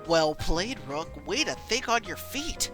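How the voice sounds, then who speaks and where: A woman's voice: lowish voice, big pitch swings, measured pace, over music. A woman voicing a suave, sly wealthy man with a dry, knowing delivery, read aloud from a story game.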